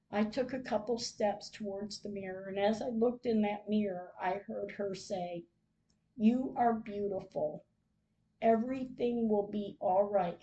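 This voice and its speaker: A woman hosting a podcast, reading her personal diary entries aloud in a soft, heartfelt way and often stopping to pray. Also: mid-range voice, muffled recording. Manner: slow, soft and heartfelt, with frequent prayers. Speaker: podcast host.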